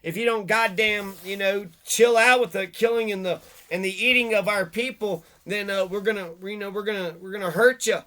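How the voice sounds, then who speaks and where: A man puts on a band of furious warriors shouting a warning, high-pitched and sharp-edged. The threats come loud and laced with curses. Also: steady tone, moderate pace, few pauses. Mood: angry warning. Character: angry Native warriors warning cannibal foes.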